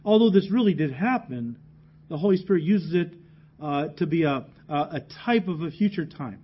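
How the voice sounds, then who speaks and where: A man's voice: sits high, husky, lo-fi sound. A man preaching a sermon in a casual, conversational way, teaching through a Bible passage verse by verse and acting out the voices of the people in it. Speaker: pastor.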